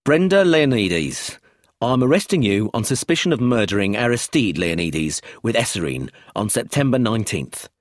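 A man's voice: on the low side, sing-song, no room sound, clean studio sound. A man reading an audiobook, voicing a police inspector making a formal arrest. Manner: slow, formal, official. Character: stern official male police inspector.

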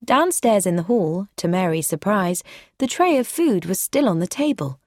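A woman narrating a story aloud in a measured, clear, even way. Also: mid-range voice, no room sound, studio quality.

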